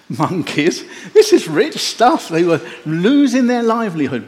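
Male preacher, sermon, animated wry storytelling, lively pitch, echoey hall.

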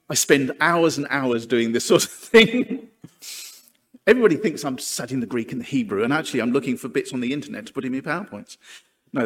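Male preacher, lively and slightly high, casual asides, hall echo. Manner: chatty, self-deprecating asides. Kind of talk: sermon. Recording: long hall reverb.

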